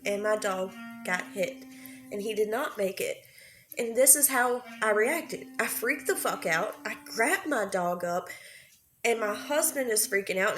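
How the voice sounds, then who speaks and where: A young woman with a fairly high voice rants to her viewers in casual, heated commentary. She is blunt and angry and swears freely. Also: a bit bright. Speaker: YouTube commentary host.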